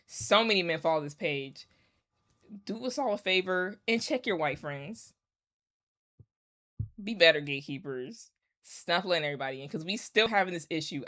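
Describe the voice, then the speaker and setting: Ranting to camera for her followers, this commentary vlogger is casual, sarcastic, and emphatic, circling back to the same points. She has a deep voice that's a bit bright.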